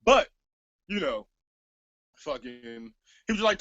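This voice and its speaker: A young man telling a story to the camera, casual and profane, sounding exasperated and animated. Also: high-pitched, fairly quick, soft background music. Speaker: vlogger. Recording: slightly dull, dry lo-fi sound.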